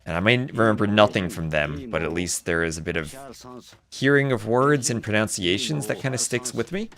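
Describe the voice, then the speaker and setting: A man casting a live strategy game, mixing chatty storytelling asides with excited play-by-play calls. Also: lowish voice, brisk, crowd noise. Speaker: esports caster. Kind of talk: live game commentary with casual chat.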